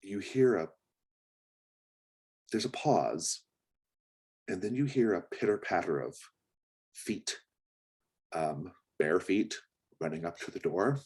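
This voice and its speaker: A man with a very low, husky voice runs a tabletop game as game master. He rambles, hesitates, and fills gaps with ums. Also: slow pace, pauses often, a little mellow. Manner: rambling, hesitant, many fillers.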